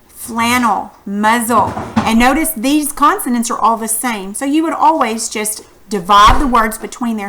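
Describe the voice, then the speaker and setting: A woman's voice: a little high, a little slow, a bit bright. A woman teaching a recorded phonics lesson, patiently asking questions and encouraging her students.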